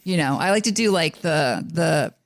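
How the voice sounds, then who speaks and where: Guy from the ny suburbs riffing on a podcast, kinda gravelly, lots of "like" and restarts, dry close sound. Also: a little high, expressive, moderate pace, dry recording. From New York suburbs. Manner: rambling, with many fillers and restarts. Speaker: podcast co-host. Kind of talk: casual chat.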